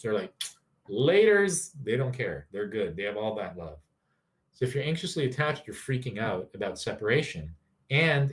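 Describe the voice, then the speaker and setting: Tired man giving a lively workshop talk. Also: mid-range voice. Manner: lively, acts out sample dialogues. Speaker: workshop presenter on relationships. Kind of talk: casual online workshop talk.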